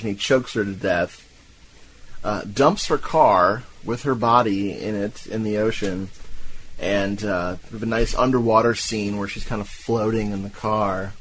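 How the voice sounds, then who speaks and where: Animated man recapping a movie, laughing often. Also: fairly low pitch, unhurried, slight background noise, rough recording. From Tampa, Florida. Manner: animated, laughing, profane storytelling. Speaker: podcast co-host. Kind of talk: casual movie-recap chat.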